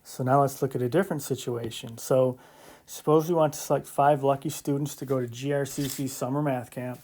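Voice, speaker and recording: Brief: male math instructor, mid-pitched, mellow tone, casual step-by-step lecture delivery with light humor. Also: steady tone, a little fast. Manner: conversational, explains step by step with frequent "so" and "right?"; lightly joking asides. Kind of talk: recorded classroom lecture.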